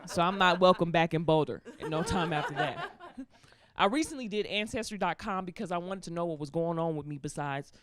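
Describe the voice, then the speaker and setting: A young woman doing a stand-up comedy set, telling stories in an animated, laughing way and slipping into voices, on a stage with a live audience. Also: on the low side, fairly quick, very noisy. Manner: animated, laughing storytelling that slips into character voices.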